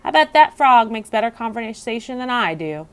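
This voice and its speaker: A woman's voice: a little high, big pitch swings, normal speed, clear, resonant tone. A woman voicing a kind, cheerful male school custodian who talks in an easygoing, friendly way.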